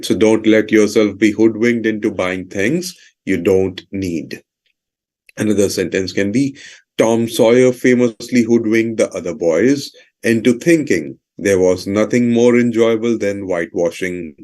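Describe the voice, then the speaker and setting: A man's voice: fairly low pitch, darkish tone. A man teaching vocabulary, explaining each word's meaning and repeating definitions and example sentences with fillers like "you know".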